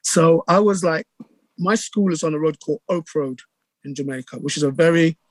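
Animated Bristol man, high voice. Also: normal speed, dry recording. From England. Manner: animated storyteller, acts out quotes, many restarts. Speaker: radio DJ guest. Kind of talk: casual storytelling interview.

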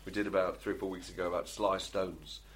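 A man's voice: deep voice, fairly even intonation, quick pace. A middle-aged man, co-hosting a podcast and telling chatty anecdotes with a laugh. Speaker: podcast co-host. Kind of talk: casual podcast chat.

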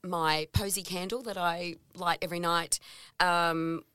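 A woman's voice: lowish voice, steady tone, a little slow, a bit bright, smooth, dry recording. A middle-aged woman from New Zealand co-hosting a podcast, chatty and self-deprecating. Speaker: podcast co-host. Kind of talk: casual chat.

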